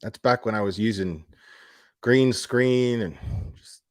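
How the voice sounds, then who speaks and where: A man's voice: fairly low pitch, takes it slowly, no echo, clean studio sound. A young adult man ranting on a casual live stream, blunt and profane, often restarting his words. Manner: blunt, profane, heated and mocking. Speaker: YouTube commentary streamer.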